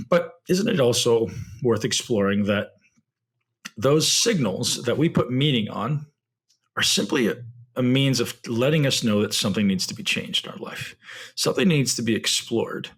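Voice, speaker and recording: A man's voice: mid-range voice, vocal fry, slightly rough. A man hosting a solo podcast, speaking reflectively and often ending points with rhetorical tag questions. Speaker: podcast host.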